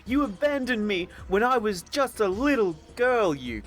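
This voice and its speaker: A man's voice: sits high, big pitch swings, normal speed, pitched above the performer's own voice. A man voicing a bitter, scornful young woman villain in a comedic retelling of a game.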